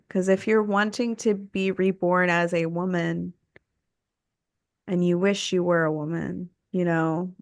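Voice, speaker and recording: Slow-talking woman, soft and searching. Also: lowish voice, dry recording, studio quality. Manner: soft, searching for words, many "like"s. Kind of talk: casual podcast chat.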